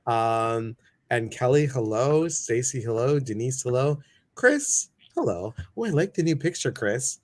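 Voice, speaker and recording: A man's voice: medium pitch, expressive, normal speed, a little mellow. Chatty upbeat man hosting a livestream. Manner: chatty and upbeat, greeting viewers one by one. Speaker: talk show host. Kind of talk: casual livestream chat.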